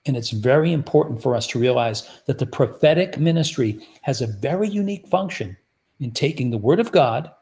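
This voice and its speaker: A man delivers a sermon in a gravelly, creaky voice of middling pitch. He keeps his listeners involved by posing rhetorical questions and then answering them himself. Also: expressive, brisk, darkish tone. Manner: rhetorical, repeatedly asks the audience "guess what". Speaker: preacher.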